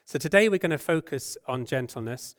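A man preaching a sermon, earnest and gentle, asking rhetorical questions and dropping his voice and slowing down when he quotes scripture. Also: mid-range voice, animated. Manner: softens and slows when quoting scripture.

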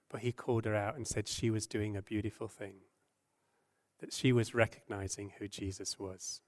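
Earnest and gentle, a medium-pitched preacher delivers his sermon with rhetorical questions, easing into a quieter, slower voice each time he quotes scripture.

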